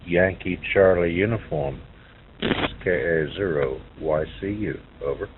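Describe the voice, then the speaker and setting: Polite low-voiced man over noisy radio. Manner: polite, deliberate. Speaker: mobile radio amateur. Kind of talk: radio check-in. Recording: tinny mobile radio with noise.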